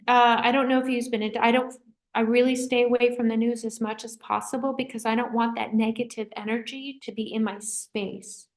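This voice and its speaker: A middle-aged woman hosting a casual livestream as a psychic medium, rambling and affectionate as she reads out and answers viewer comments. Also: fairly high pitch.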